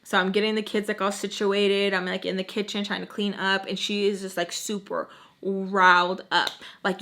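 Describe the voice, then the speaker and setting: A young woman in her twenties telling a casual storytime about her nanny job, chatty and animated, acting out what people said. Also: fairly quick. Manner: chatty, animated, acts out quotes in a higher voice.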